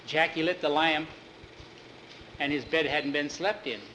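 A man with a slightly raised pitch retells a spooky tale in his own words, pausing and correcting himself now and then. A faint hiss sits behind his voice. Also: steady tone, pushed and bright, rough recording. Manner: unscripted retelling with restarts, lifts pitch for scared boys. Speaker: storyteller. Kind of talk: spoken storytelling, voicing characters.

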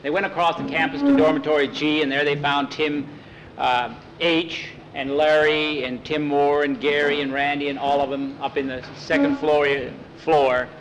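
A man spinning a story out loud, chatty and rambling, in a fairly high voice. He leans on "he said" over and over to move the scene along, with faint ambient noise behind him. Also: level tone, normal speed, low-quality recording. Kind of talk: informal oral storytelling.

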